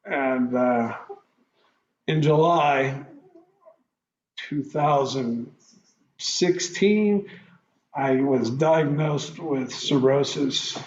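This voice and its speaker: A man telling his own story in an interview, halting often and acting out his past reactions in quoted lines. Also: mid-range voice, echoey room, lo-fi sound, slight background noise.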